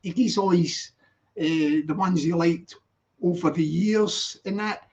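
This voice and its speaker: Older Glaswegian man with London twang, high voice, dull lo-fi stream audio; chatty rambling livestream host. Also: slow, darkish tone. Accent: Glaswegian with London influence. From Glasgow, Scotland. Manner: chatty, rambling, many "yeah" tags. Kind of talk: casual livestream chat greeting viewers.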